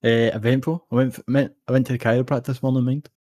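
A young Scottish man rattles through a rambling story at a quick clip, swearing freely as he goes. His voice sits in an ordinary middle register. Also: mid-range voice, little pitch movement, a little mellow. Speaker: podcast co-host. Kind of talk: casual chat.

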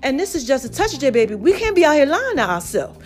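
A woman with a high voice tells a story to her viewers in a loose, chatty way. She talks with energy and emphasis and turns to her audience again and again. Soft music plays faintly behind her. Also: big pitch swings, fast talker. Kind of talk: casual storytelling to camera.

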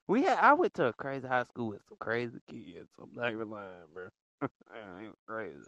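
A man's voice: medium pitch, very animated, moderate pace, fairly bright tone, no room sound. A young man in casual voice chat, talking in slang and laughing through his words. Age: young adult. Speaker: chat room participant.

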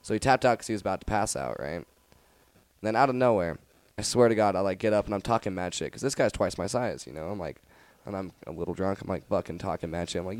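A man's voice: low-pitched, fast talker, dry recording. Profane young man telling wild stories. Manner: profane, animated storytelling with acted quotes. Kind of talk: casual storytelling chat.

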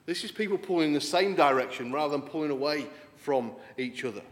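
A man's voice: on the high side, quick pace. A man preaching a sermon in an earnest, conversational way, lifting his voice for emphasis. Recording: long hall reverb.

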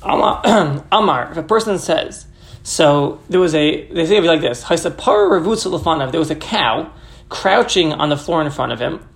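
A man's voice: on the high side, lively intonation, moderate pace, creaky. A man teaching a Mishnah passage, reading Hebrew phrases aloud and explaining each one in English, often checking in with "right?". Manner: reads Hebrew phrases then paraphrases in English, asks "right?". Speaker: Talmud teacher.

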